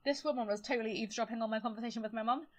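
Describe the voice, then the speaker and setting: A woman co-hosting a podcast, chatting casually and laughing often and loudly. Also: fairly high pitch, fairly even intonation, very fast. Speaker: podcast co-host. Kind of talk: casual chat.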